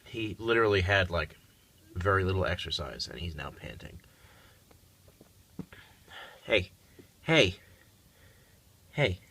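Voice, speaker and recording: Worried man coaxing his kitten, gravelly voice. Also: sits low, lively intonation, a little slow, pauses often, a bit bright. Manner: coaxing baby talk to a pet, worried. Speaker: cat owner filming his kitten. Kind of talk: casual home video talk.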